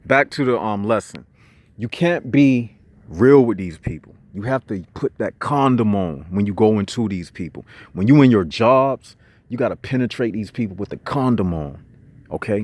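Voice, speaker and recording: A man vlogging outdoors on a nature trail, giving a casual street-slang spiritual lecture in a preachy way, repeating his points and explaining his own metaphors. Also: sits low.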